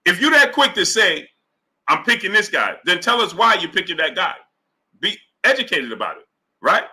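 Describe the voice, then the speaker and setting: A male boxing streamer with a very bright, somewhat high voice. He talks in an animated, casual way. He keeps greeting his chat viewers by name between his points. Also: moderate pace, poor audio. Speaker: boxing talk show host. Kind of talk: live-stream chat reading super chats.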